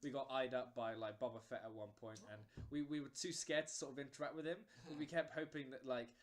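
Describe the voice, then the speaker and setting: A man's voice: mid-range voice, fairly even intonation, fast talker. Chatty man telling a story. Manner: rambling storyteller, many fillers and restarts. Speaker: podcast host. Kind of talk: casual chat.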